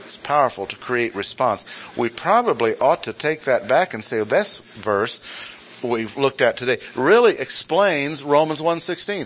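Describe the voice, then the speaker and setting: A man's voice: medium pitch, big pitch swings, a little slow, fairly bright tone, slight background noise. A male pastor preaching a sermon in a church, emphatic, repeating key points and asking rhetorical questions.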